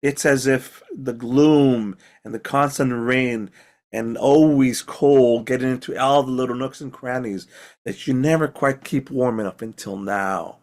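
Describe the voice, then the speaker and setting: Male game master, slow and halting narration, mid-pitched voice. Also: a little mellow.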